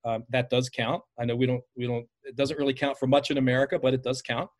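A man's voice: medium pitch, level tone, fast. A man hosting a casual podcast interview, asking long rambling questions with plenty of fillers. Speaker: podcast host.

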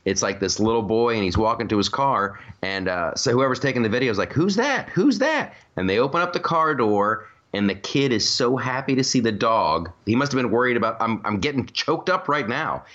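A man's voice: lowish voice, a little fast, few pauses, a bit bright, highs cut off. Rambling man telling stories on a podcast. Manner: rambling storyteller, restarts and laughs often. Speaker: podcast host. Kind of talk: casual comedic chat.

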